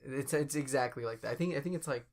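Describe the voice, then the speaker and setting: A podcast co-host in casual chat who laughs often and talks in quick bursts. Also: medium pitch. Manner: giggly, bursts into quick improv voices.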